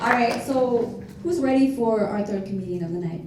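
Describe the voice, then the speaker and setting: A woman's voice: a little high, expressive, moderate pace, heavy background noise. A woman hosting a live comedy show, hyping and playfully teasing the audience. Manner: playful hype, teasing the crowd. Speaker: show host. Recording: echoey venue from far off. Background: loud music and a cheering crowd.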